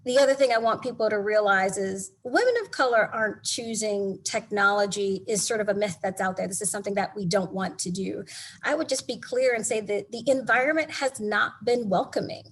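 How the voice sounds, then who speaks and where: A woman speaking as a panelist in an online panel discussion, with an earnest, measured delivery. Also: medium pitch.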